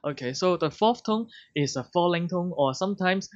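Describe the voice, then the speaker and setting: Patient Hong Kong teacher, slightly dull audio. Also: male voice, high-pitched, lively intonation, moderate pace. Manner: patient, demonstrates tones by repeating sounds. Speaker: language teacher. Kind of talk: online lesson.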